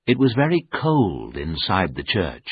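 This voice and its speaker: A man reading a graded-reader novel aloud as scripted narration, in a measured, plain storytelling manner. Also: low voice, huge pitch swings, husky. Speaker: audiobook reader. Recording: narrow phone-like sound.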